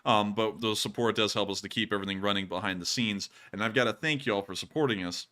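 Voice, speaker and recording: A man hosting a casual livestream, reading thanks to supporters and cracking jokes that turn loud and high. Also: quick pace. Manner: joking, goes loud and high in bits. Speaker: livestream host.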